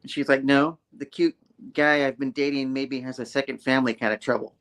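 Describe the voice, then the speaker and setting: A man hosting a casual comic book review show, retelling a story and jumping into quick character voices. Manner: animated storyteller, jumps high for quoted characters.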